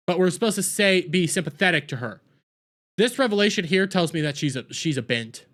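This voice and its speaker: A man hosting a TV review, ranting in exasperation and swinging between loud outbursts and low muttering. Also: animated, brisk. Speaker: TV review host.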